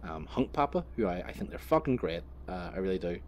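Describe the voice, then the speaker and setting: A man talks while driving his truck, rambling through stories with lots of swearing and fillers. His pitch sits mid-range but moves about a lot. He laughs at himself as he goes. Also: very animated, brisk, darkish tone, a little hiss or hum. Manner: swearing, self-mocking, rambling with many fillers. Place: inside a truck cab on the road.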